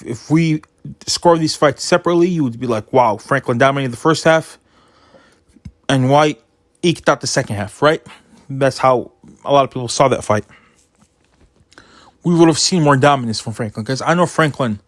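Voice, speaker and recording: With a mid-range voice on a dry recording, a man gives his casual, opinionated take on a boxing result, growing animated as he recounts the humorous bits.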